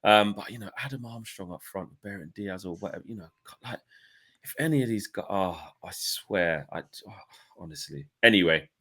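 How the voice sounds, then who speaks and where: A man talks football on a fan channel in a low but bright, forceful voice. He gets animated, swears freely and acts out his friends' reactions. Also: fairly quick. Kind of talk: casual football chat.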